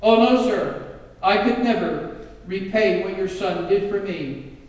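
A man's voice: sits high, unhurried, a little mellow. A man playing a humble young soldier. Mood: earnest. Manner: modest, earnest. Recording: echoey hall, distant mic.

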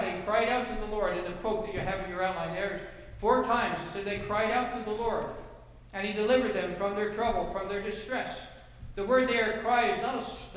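A male pastor preaching a sermon, swinging from low, soft passages to loud shouted cries. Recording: echoey hall with long reverb.

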